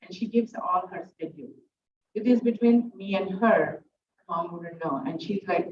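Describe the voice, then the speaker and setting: A middle-aged dance teacher speaks earnestly at a student's recital, pausing often to collect her words. She is heard from a distance in an echoing room, with a dull, muffled sound and a faint hiss behind her. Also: fairly low pitch. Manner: earnest, halting, with many fillers. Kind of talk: heartfelt speech at a student's recital.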